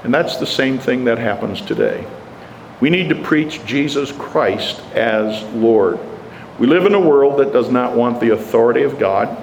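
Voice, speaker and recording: Slow, emphatic preacher in an echoey hall. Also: male voice, medium pitch, gravelly, a little mellow, a little hiss or hum. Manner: slow, emphatic preaching with rising rhetorical questions. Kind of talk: sermon. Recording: echoey hall, faint ambience.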